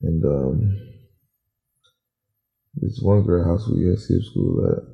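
A man hosting a podcast, telling a profane story in an animated, casual way. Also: sits low, slow pace, vocal fry, dull audio. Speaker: podcast host.

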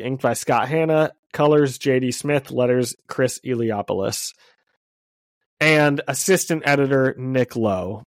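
A man's voice: mid-range voice, no echo. A congested man co-hosting a casual comic book podcast, chatty and self-deprecating, often laughing. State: congested from illness. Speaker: podcast co-host.

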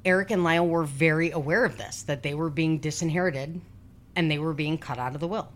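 This podcast host, a woman in her 40s, has a deep voice and talks fairly quickly. She recounts a true-crime case in a casual, blunt, foul-mouthed way, peppered with sarcastic remarks.

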